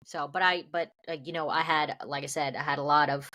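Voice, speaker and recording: A woman's voice: low-pitched, fairly even intonation, fairly quick, sharp tone. A woman from the American South, an actress guest, talking earnestly and reflectively with many fillers. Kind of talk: casual interview chat.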